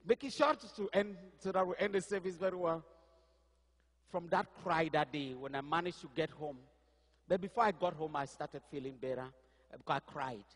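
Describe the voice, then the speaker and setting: A man from Cameroon preaching a sermon, telling his own story, with quiet asides and sudden loud outbursts. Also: a little high, moderate pace, long reverb tail. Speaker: pastor. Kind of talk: sermon testimony.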